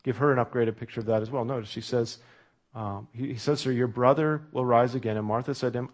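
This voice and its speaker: A man's voice: medium pitch, fairly even intonation, quick pace. Conversational man preaching a sermon. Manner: conversational preaching, drops to a hush on quoted words. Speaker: pastor.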